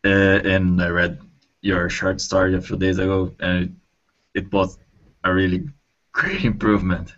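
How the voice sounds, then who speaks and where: A man's voice: sits low, level tone, a little slow, fairly bright tone. A man hosting a casual online interview, asking questions with small stumbles over a video call. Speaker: host. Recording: dull lo-fi video call audio.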